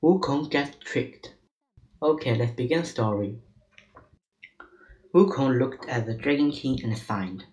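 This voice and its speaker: A man reading a storybook aloud to children, in slow, careful, non-native phrasing. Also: medium pitch, a little mellow, low-quality recording.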